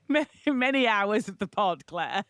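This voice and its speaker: A woman's voice: mid-range voice, big pitch swings, slow pace, fairly bright tone, no echo, studio quality. A woman co-hosting a podcast, teasing her co-host in a casual chat. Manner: teasing, playful.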